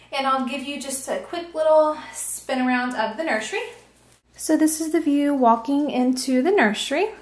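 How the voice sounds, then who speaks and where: A high-sitting female voice comes through in an echoey room. The speaker is a pregnant vlogger having a casual chat on a handheld camcorder in a small nursery at home, with ums and little laughs throughout.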